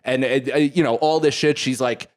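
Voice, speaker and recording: A man co-hosting a comedy podcast, telling a story in an animated way, acting out both sides and swearing freely. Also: medium pitch, moderate pace.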